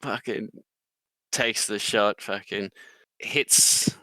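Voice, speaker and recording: A man casually telling stories with lots of swearing, now and then acting out quotes in a loud, high voice. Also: steady tone, very slow, no echo. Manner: swears a lot, acts out quotes in a loud high drill-sergeant voice. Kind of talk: casual chat.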